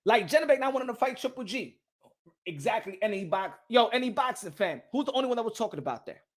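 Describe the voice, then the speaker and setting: A man's voice: extremely high pitch, expressive, fast. A man hosting a boxing channel, ranting casually with lots of stammered restarts. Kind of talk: casual vlog rant.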